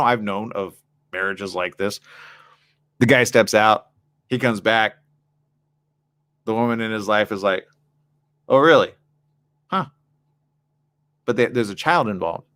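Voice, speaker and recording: An animated male host delivering a casual advice monologue. His voice is bright and swings widely in pitch as he acts out both sides of an argument and talks straight to the ladies in the room. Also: moderate pace, long pauses, dry recording. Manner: addresses the ladies in the audience directly.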